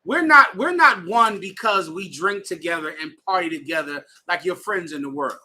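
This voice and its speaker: A man's voice: on the high side, moderate pace, bright, forceful tone. A man teaching a bible class to students in a room, emphatic and slangy, telling readers to keep going. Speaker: scripture class instructor.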